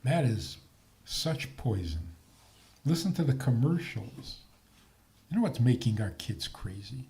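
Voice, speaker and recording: Older male rabbi, unhurried and mellow, wry questions to the crowd. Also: medium pitch. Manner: animated, joking, rhetorical questions. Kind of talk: talk on faith.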